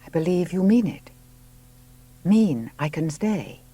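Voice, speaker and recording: A man's voice: sits high, sing-song, slow pace, voice pushed up, exaggerated voice. A man voicing a fiery young pregnant woman. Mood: wondering. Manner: exclamatory, raising her voice to a shout.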